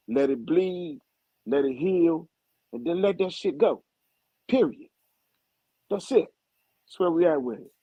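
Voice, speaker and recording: A man hosts a live group talk over a video call, laying things down bluntly and swearing freely. His voice sits a little high but sounds dark and mellow. The audio is dry and muffled, like a low-fi stream. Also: no echo. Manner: blunt, profane, emphatic. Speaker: group admin and host.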